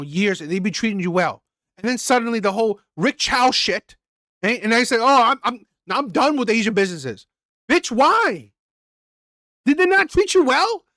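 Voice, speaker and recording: A woman hosts a reaction video in a loud, blunt rant, swearing freely and hammering the same rhetorical questions. Her voice sits a little higher than most women's. The sound is close and completely dry, with no room around it. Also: no room sound. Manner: blunt, profane, fires off repeated rhetorical questions. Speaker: reaction channel host. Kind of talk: ranting commentary.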